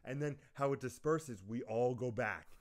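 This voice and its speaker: A young man telling lively stories in a casual chat, often laughing mid-sentence. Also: medium pitch, moderate pace. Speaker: podcast co-host.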